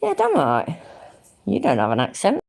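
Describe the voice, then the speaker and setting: A woman's voice: mid-range voice, huge pitch swings, moderate pace, vocal fry, a little mellow, breathy edge. An English woman rambling casually on a live stream, thinking aloud, humming to herself and swearing freely. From England.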